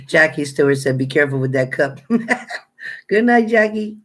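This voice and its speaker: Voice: medium pitch, expressive, a little slow, fairly bright tone. A tarot reader hosting a casual live stream, chatting with viewers and greeting them by name in a blunt, playful way with frequent laughter. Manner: laughs often, playful banter; blunt, straight-talking.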